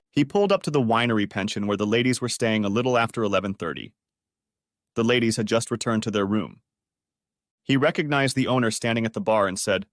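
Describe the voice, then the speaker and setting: A man narrating a scripted drama story, his pitch moving a lot as he tells it. The recording is very dry and close, with no room sound at all. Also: no room sound. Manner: steady storytelling.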